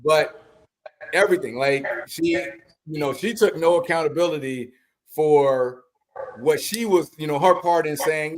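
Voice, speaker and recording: A man's voice: on the high side, measured pace, poor audio. A man co-hosting a movie podcast, talking casually in rambling, filler-heavy sentences. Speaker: podcast co-host. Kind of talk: casual movie review chat.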